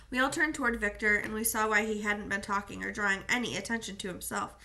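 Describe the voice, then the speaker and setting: Female audiobook reader, sharp bright tone, steady first-person narration. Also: medium pitch, quick pace, few pauses, a little hiss or hum. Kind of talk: reading a novel aloud.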